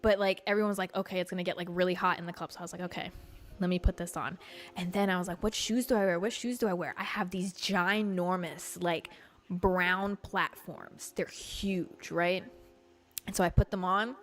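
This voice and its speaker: A young woman hosting a casual livestream, telling stories in an animated, chatty way full of fillers and swearing. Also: lowish voice, normal speed, soft background music. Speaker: livestream host.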